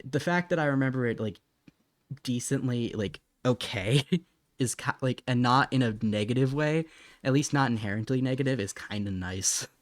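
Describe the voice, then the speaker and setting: A man's voice: medium pitch, normal speed, no room sound, clean studio sound. A young man chatting casually on a live stream while he draws, laughing often and apologizing in a self-mocking way.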